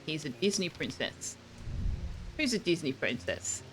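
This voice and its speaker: A woman's voice: deep voice, very animated, a little slow, fairly bright tone, faint music behind. A woman streaming a game, chatting casually and reading the game's text aloud. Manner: chatty, switching between asides and reading. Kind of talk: casual let's-play commentary with read-aloud game text.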